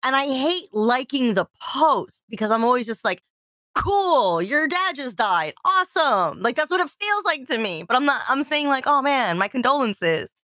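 Podcast lady chatting, laughs a lot, pitch jumps all over. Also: normal speed, hardly any pauses, dry recording, clean studio sound. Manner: laughs often, animated storytelling. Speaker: podcast co-host. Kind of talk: casual chat.

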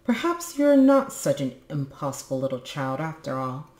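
A woman voicing a grumpy male stork nearly a hundred years old, gruff and scolding. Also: low voice, very animated, normal speed, a little mellow, roomy sound.

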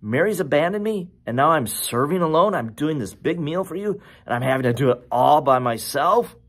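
A woman's voice: expressive, moderate pace. A man voicing a stressed, overworked woman who pleads and accuses in a raised, pleading voice. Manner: pleading, accusing, high-pitched.

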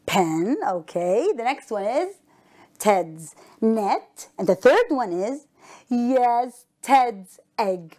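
A woman teaching an English lesson to young children on a broadcast, encouraging them and repeating each word slowly and clearly. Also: on the high side, darkish tone. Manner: encouraging, slow and clearly enunciated, repeats words.

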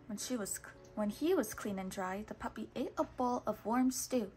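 A woman reads a children's storybook aloud, steady and patient. Her voice sits fairly high. She sometimes stops to correct a word and carries on. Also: normal speed, faint music behind. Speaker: storybook reader.

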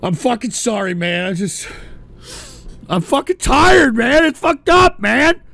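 Gravelly high-voiced man ranting on air. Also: very animated, unhurried, dry recording. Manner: exasperated, swearing, swings between shouting and weary mumbling. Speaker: radio show host. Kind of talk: profane on-air rant.

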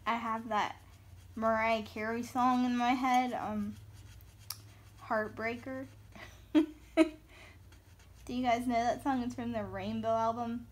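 A woman's voice: a little high, level tone. A woman in her thirties, from the American South, chatting casually and giggling as she colors for her viewers. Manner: chatty, giggly, slow-paced. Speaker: coloring video host. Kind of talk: casual chat while coloring.

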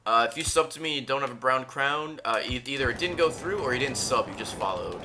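A man with a medium-pitched, expressive voice talks at a quick pace, giving casual livestream commentary over gameplay. As a streamer, he jokes and banters with chat while game music plays behind him.

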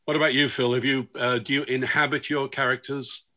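A man's voice: mid-range voice, little pitch movement, fairly quick, sharp tone. A man chairing a book festival panel, putting questions to the writers in a chatty, teasing way. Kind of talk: moderating a panel discussion.

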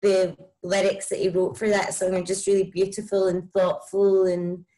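A woman's voice: mid-range voice, level tone, normal speed, warm tone, poor audio. Chatty woman with a broad Scottish accent. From Scotland. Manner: chatty, enthusiastic, many likes and ums. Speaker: musician guest. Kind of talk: casual interview chat.

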